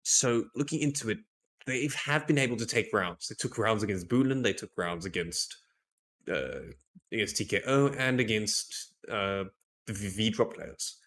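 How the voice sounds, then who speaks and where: Male esports caster, lowish voice, chatty and playful, a bit tired, stumbles and restarts sentences. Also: normal speed, fairly bright tone, slight background noise. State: tired, yawning. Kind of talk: live esports commentary.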